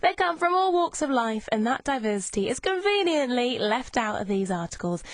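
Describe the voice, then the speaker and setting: A woman's voice: on the high side, sing-song, normal speed, no room sound. A young woman presenting a lunchtime radio chat show from a studio, bubbly and chatty as she reads out listener messages. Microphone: studio microphone.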